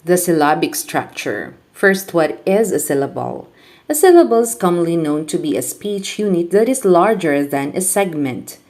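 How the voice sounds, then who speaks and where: A woman teacher giving a scripted lecture, reading out terms and example word pairs in an even, deliberate way. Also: lowish voice.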